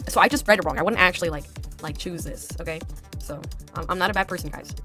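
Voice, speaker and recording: A woman's voice: fairly low pitch, fast talker, a bit bright, faint music behind. Chatty young woman playing a game. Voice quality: chatty, giggly, many fillers like "like" and "bro". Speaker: gamer. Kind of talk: let's-play commentary, reading game text aloud.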